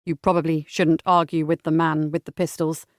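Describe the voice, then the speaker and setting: A woman voicing a steady, protective young English gentleman who speaks low and tersely. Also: moderate pace, no echo, clean studio sound, natural voice. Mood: tense.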